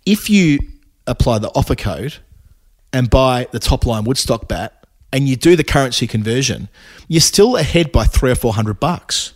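A man's voice: medium pitch, animated, normal speed. A middle-aged man hosting a podcast, talking casually and rambling a little, with chatty asides, including ad reads. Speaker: podcast host.

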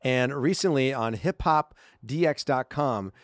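A man's voice: medium pitch, measured pace, no echo, studio quality. Chatty upbeat man co-hosting a podcast. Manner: chatty and upbeat, with frequent fillers. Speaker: podcast co-host. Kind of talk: casual chat.

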